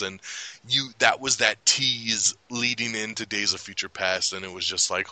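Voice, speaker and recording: A man hosting a casual movie review podcast, excitable, laughing often and acting out quotes in a raised voice. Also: mid-range voice, normal speed, no room sound, poor audio. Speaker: podcast host.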